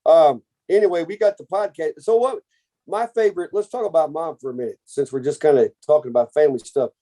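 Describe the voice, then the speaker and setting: Podcast guy, kinda high but mellow voice, rambly and jokey, lots of restarts. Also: quick pace. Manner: rambling, self-interrupting, jokey. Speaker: podcast co-host. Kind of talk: casual family storytelling chat.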